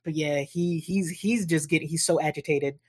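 A woman's voice: low voice, normal speed, husky. A woman co-hosting a casual book discussion podcast, retelling scenes with quoted dialogue. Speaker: podcast co-host.

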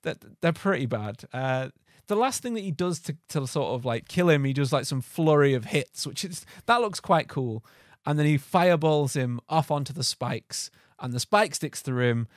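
A man's voice: fairly high pitch, animated, normal speed, few pauses, no echo, studio quality. A man hosting a casual podcast, talking animatedly about a film and laughing often. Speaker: podcast host.

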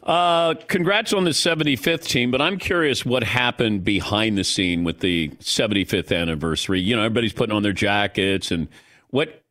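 A man hosting a sports radio show, asking questions in a quick, teasing, curious way. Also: on the low side, a bit bright. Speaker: radio sports talk host. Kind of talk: casual radio interview. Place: radio studio.

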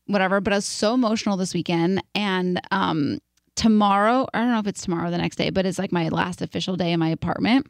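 A young woman with a gravelly, fry-edged voice chats on a podcast, open and emotional, peppering her talk with "like." Her voice sits close and dry with no room around it. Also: mid-range voice, fast talker, dry recording. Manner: chatty and emotional, heavy use of "like". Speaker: podcast co-host. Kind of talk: casual chat.

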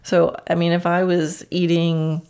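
Low-voiced woman hosting a podcast. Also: little pitch movement, unhurried, a little mellow, clear, resonant tone. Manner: conversational, reflective, laughs often. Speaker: podcast host and horse trainer. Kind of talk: solo podcast talk.

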